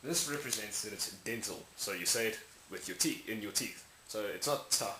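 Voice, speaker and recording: A man's voice: lowish voice, animated, moderate pace. A man casually explaining speech sounds in a lesson, rambling and correcting himself while he demonstrates each sound aloud. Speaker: language tutorial maker. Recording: echoey room with faint hiss.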